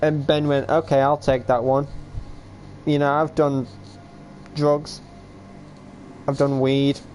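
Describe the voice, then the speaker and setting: Man, rambling livestream story, slightly high voice, yawning, hiccups, faint background hiss. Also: little pitch movement, takes it slowly, darkish tone. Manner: rambling, quotes others with "I was like". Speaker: livestream host.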